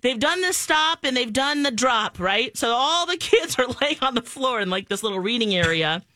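A woman in her thirties co-hosting a morning radio show, telling stories in an animated way and laughing often. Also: on the high side, moderate pace, no echo. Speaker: co-host. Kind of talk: casual morning radio chat.

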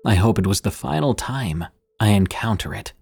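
A man with a somewhat low voice narrates horror stories in a grave, measured tone. He takes his time and lets dramatic pauses hang. Faint music plays quietly underneath. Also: animated, gravelly, husky.

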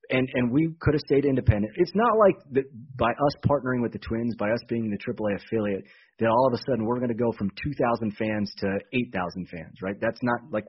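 A man explains things in an animated, casual way and often repeats himself. His voice is husky and slightly rough. The sound is dull and muffled, like a radio broadcast. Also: mid-range voice. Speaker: baseball team executive guest.

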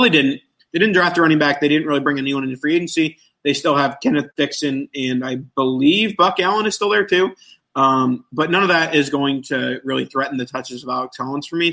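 Male podcast host, bright tone, steady casual explainer. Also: medium pitch. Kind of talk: casual fantasy football discussion.

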